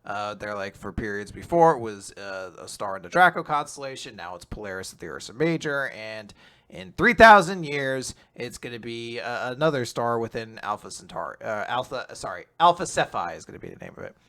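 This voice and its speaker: Animated man recapping manga. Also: mid-range voice, a little fast. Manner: animated, acts out quotes. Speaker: podcast host. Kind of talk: casual chat, retelling manga chapters.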